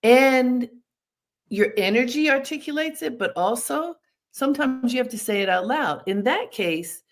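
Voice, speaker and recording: A woman's voice: on the high side, lively intonation, measured pace. A woman hosting an interview, affirming her guest and reflecting thoughtfully on what she hears. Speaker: talk show host.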